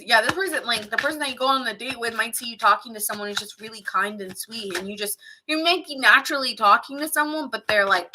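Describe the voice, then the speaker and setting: A woman's voice: on the high side, quick pace, few pauses, background noise. A woman giving a casual, chatty tarot reading to camera, laughing often and filling her talk with "like". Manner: playful, animated asides to the viewer. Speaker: tarot reader.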